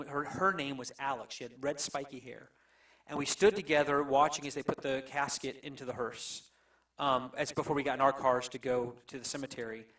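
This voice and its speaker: Halting, emotional male pastor, distant mic. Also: medium pitch, a bit bright. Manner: halting, emotional, many restarts. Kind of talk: storytelling on a panel. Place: church.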